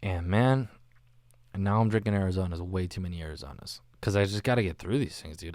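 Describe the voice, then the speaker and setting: A man's voice: low-pitched, fairly quick, darkish tone, no room sound, clean studio sound. A man hosting a solo podcast, rambling casually with a slangy, self-mocking manner. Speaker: podcast host. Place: recorded alone, not live. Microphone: studio microphone.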